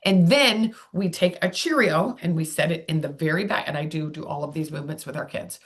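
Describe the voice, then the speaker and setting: A woman's voice: low voice, fairly quick. A woman speech therapist leading an online workshop in a chatty, digressive way, demonstrating sounds aloud. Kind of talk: live online workshop teaching.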